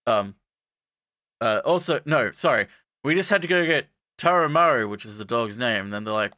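A man casually recapping an anime for a podcast, acting out the characters' lines in quick, jumpy put-on voices. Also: animated, bright, forceful tone, no room sound, studio quality. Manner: acts out characters in quick quoted voices, jumping up in pitch.

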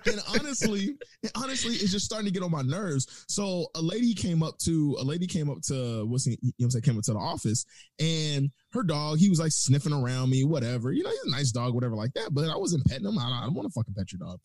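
A man's voice: fairly high pitch, sing-song, fast, a little mellow, no echo, clean studio sound. A young man co-hosting a podcast in a casual ranting chat, profane and rambling, hammering his points with emphasis.

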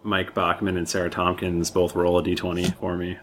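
Low-voiced man running a tabletop game. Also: noisy background. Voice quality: relaxed, halting with fillers. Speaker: game master.

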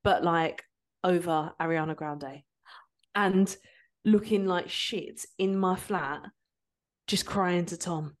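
A woman's voice: lowish voice, slow pace, long pauses. A young woman hosting a podcast, chatting openly and telling stories, laughing easily. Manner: open, storytelling, laughs easily. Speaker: podcast host. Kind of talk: casual chat.

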